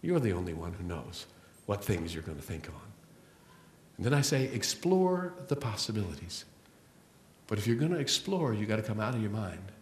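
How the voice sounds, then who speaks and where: A middle-aged man giving an inspirational spiritual talk as guest speaker in a church hall, telling stories with slow, emphatic rises and drops. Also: fairly low pitch, sing-song, a little hiss or hum. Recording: roomy hall echo.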